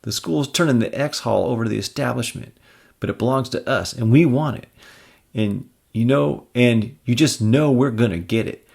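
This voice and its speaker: A man's voice: medium pitch, normal speed, vocal fry, a little mellow, breathy edge, pitched above the performer's own voice. A man voicing a pushy, defiant young male student activist from a comic, full of slang. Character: brash young male student protest leader.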